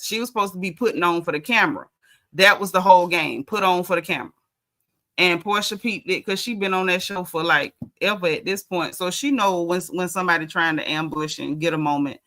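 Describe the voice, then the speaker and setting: A woman's voice: fairly low pitch, sharp tone. A woman giving a casual, opinionated recap of a reality TV show, speaking bluntly with lots of slang.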